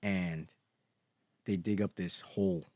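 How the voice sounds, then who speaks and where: Deep-voiced man, rambling and hesitant. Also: steady tone, takes it slowly, mellow, no room sound, studio quality. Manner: rambling, hesitant storyteller full of fillers. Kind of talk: casual chat.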